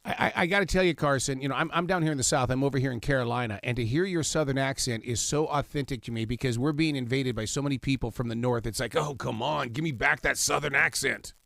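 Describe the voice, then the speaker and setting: A man hosting a casual radio interview, enthusiastic and animated, often stammering as he repeats his first words. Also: medium pitch, quick pace, hardly any pauses, no echo. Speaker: radio host.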